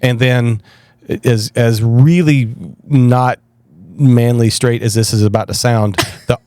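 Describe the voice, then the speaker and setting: A man, talking at a middle pitch in a dry, close recording. He tells stories in an animated, self-deprecating way and often restarts his sentences. He sounds relaxed, as in a casual chat. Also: slow, smooth, dry recording. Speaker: pastor guest.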